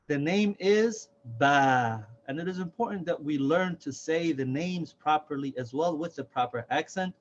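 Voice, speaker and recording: A man teaching a slow, careful alphabet lesson, patiently repeating each letter's name and sound. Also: a little high. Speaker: Quran reading teacher. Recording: dull, lo-fi sound.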